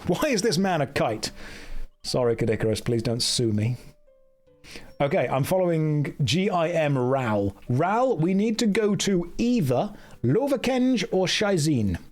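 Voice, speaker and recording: Man streaming, casual, joking, dry humor, slightly raised pitch, faint music underneath. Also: very animated, a little slow, darkish tone. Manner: joking, dry, self-mocking. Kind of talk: casual live-stream chat.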